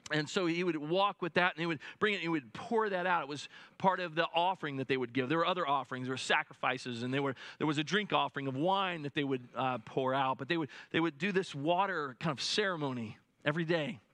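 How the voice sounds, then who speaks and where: A man preaching a sermon in an earnest way, often restarting his sentences and dropping low and soft at solemn points. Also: fast talker, few pauses, dry recording. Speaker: pastor.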